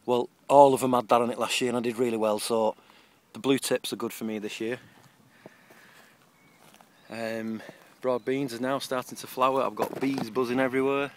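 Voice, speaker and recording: A man's voice: medium pitch, level tone, normal speed, pauses often. A man giving a chatty, rambling, self-mocking tour of his allotment, recorded outdoors on a camera mic. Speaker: allotment vlogger. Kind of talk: casual garden tour.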